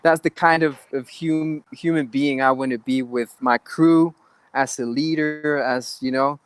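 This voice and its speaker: A man's voice: mid-range voice, steady tone, a little slow, clean tone, no echo. A man, an actor guest in an interview, talking earnestly with many restarts and halts. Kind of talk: interview conversation.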